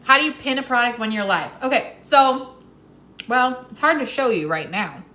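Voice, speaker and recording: A woman's voice: a little high, animated, moderate pace, bright, forceful tone, roomy sound. A woman hosting a live stream with casual tips, chatty and laughing often, talking while she eats.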